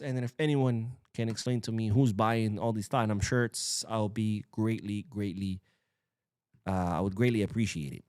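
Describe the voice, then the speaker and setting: A young man hosts a live stream from his desk mic and reads viewer comments aloud. His talk is loose and profane, and his pitch swings widely. The sound is dry and close, with no room echo. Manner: animated, swears freely, reads chat aloud. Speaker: livestream host. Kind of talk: casual live-stream chat.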